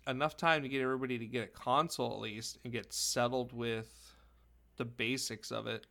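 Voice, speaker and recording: Gravelly-voiced man in casual chat. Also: mid-range voice, a little fast. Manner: relaxed, offhand, speculative. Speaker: podcast co-host.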